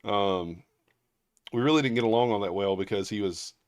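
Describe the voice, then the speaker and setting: Low-voiced man, rambling livestream chat. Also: normal speed, clean tone, no room sound, clean studio sound. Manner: rambling storyteller, heavy on fillers and restarts; reads viewer names aloud and thanks them. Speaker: livestream trading host. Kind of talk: casual livestream chat, answering viewers.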